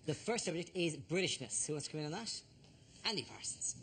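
A man's voice: on the high side, sing-song, fairly quick, heavy background noise. A man hosting a comedy panel show, throwing out teasing asides and calling on panelists. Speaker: show host. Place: TV studio with audience.

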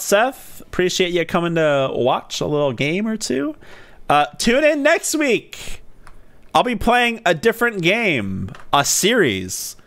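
A sleepy young man with a slightly high, somewhat bright voice streams a game in casual chat. He swears a lot, laughs often, and mocks the other players.

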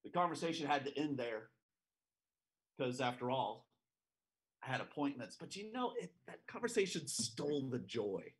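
A man preaching a sermon at a church service, telling a story with animated, joking asides. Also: medium pitch, moderate pace.

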